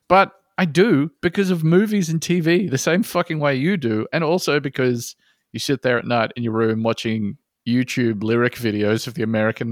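A man's voice: mid-range voice, no echo, clean studio sound. A man co-hosting a comedy podcast, reading a listener post aloud and mocking it with plenty of swearing. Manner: sarcastic, mocking, swears a lot.

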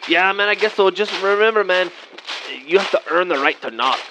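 A man's voice: high voice, brisk, noisy background, natural voice. A man playing a laid-back guy, rambling in slangy drawled talk full of "man" and "vato". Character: laid-back Mexican-American guy trick-or-treating with buddies.

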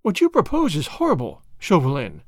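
A man reading aloud, voicing a proud, spirited young noblewoman with raised pitch and lofty scorn. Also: huge pitch swings, brisk, dry recording, studio quality, heavily acted. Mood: indignant.

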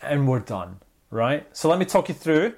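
A man's voice: on the high side, sing-song, normal speed, a little mellow. A man co-hosting a podcast in casual chat, teasing his co-host and reading out a chart countdown. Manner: laughing, teasing, reads out chart list.

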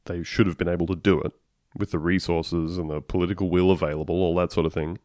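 Podcast co-host, male, low register, dry booth sound, sarcastic riffing. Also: quick pace, no room sound. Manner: animated, sarcastic, acts out quotes. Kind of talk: casual political chat.

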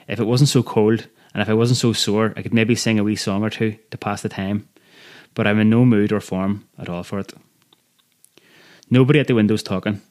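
Earnest low-voiced man reading. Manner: earnest, measured, quietly emotional. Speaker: reader. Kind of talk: first-person memoir reading.

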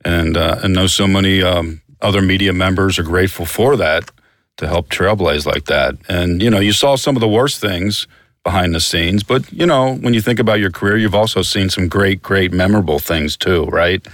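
Deep-voiced male interviewer. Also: normal speed, fairly bright tone, dry recording. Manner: supportive, affirming. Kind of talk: interview host.

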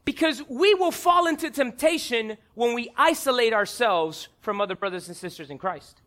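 A pastor in his thirties preaching a sermon, animated and acting out voices in his stories. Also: very high-pitched, normal speed.

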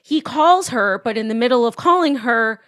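Female co-host, chatty plot recapper, slightly high voice. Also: lively intonation, moderate pace, fairly bright tone. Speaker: podcast co-host. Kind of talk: casual chat.

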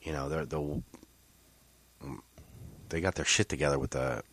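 A man's voice: very deep voice, measured pace. A man co-hosting a podcast in casual chat, ranting with lots of swearing. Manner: profane, animated ranting. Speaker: podcast co-host. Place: podcast studio.

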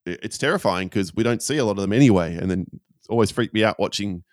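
A man co-hosting a casual podcast chat, quick to laugh. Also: lowish voice, no room sound, studio quality. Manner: laughing, exclamatory. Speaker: podcast co-host.

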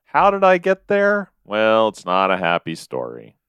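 A man with a fairly low, slightly hoarse voice hosts a podcast, reading listener mail in a playful, jokey way. His pitch swings widely as he reads. The sound is dry and close. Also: wildly swooping pitch, measured pace, dry recording, highs cut off. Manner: playful, jokey delivery with sudden loud bits. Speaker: podcast co-host.

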